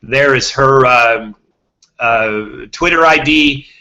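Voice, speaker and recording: Bright-voiced rambling man. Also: mid-range voice, takes it slowly, dull audio. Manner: rambling, repeats himself, restarts words. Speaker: podcast host. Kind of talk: rambling monologue to listeners.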